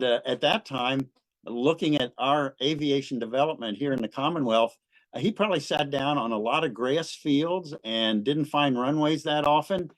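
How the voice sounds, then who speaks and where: Guy from kentucky giving a slide talk, easygoing, lots of uhs, medium pitch, dry close sound. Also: no room sound, low-quality recording. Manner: relaxed, many "uh" fillers. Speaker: guest speaker at a museum history talk. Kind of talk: presentation with slides.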